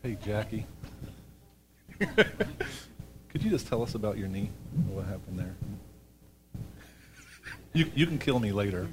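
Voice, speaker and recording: A man leads a church gathering with a soft, encouraging manner. His voice is low-pitched, and he answers the speakers with quiet amens and thanks. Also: animated, takes it slowly, long pauses, low-quality recording. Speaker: meeting leader.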